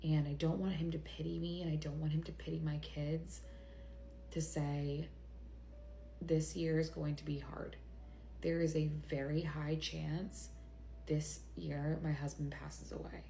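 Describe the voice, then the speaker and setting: A woman in her thirties giving a tearful personal confession to camera, halting and often dropping into a hushed whisper as she cries. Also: low-pitched, level tone, gravelly, roomy sound, slight background noise. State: crying. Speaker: mother sharing a personal video.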